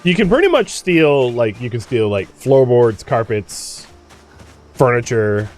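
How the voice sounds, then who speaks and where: A man's voice: mid-range voice, very animated, measured pace, darkish tone, faint music behind. A man hosting a let's play, chatting casually through gameplay, exclaiming and grumbling at the game.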